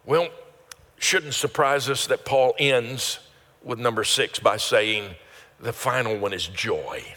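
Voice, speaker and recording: A man's voice: medium pitch, slow, pushed and bright. An older man preaching a sermon as pastor, earnest and repetitive, building to emphatic peaks. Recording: sermon in a reverberant church hall.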